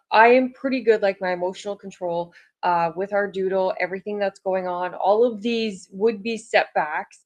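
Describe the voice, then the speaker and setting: Chatty woman vlogging casually. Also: mid-range voice. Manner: chatty, rambling, frequent "like" fillers. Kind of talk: casual chat to camera.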